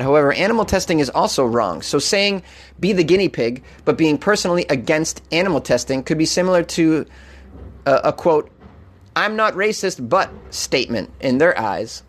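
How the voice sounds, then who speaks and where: Slightly high-voiced man reading comments. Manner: loose, hesitant delivery with fillers and restarts. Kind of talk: casual commentary reading out a viewer message.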